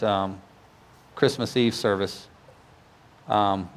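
A man pastor preaches in an easy, conversational way and keeps asking his listeners rhetorical questions. His voice sits at a middling pitch. It rings with the long reverb of a large church hall. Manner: conversational, asks rhetorical questions with frequent "right?". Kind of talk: sermon.

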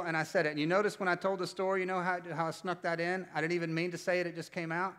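Animated preacher man, bright and forceful. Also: on the high side, fast talker, hardly any pauses. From North Carolina, US. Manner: conversational storytelling, animated, asks the congregation questions. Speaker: pastor. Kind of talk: sermon.

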